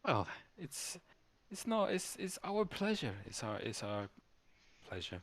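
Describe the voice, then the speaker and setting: A man voicing a gracious hostess in his own deep voice, formal and courteous. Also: very animated, measured pace, no room sound. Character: elegant, gracious woman hosting guests.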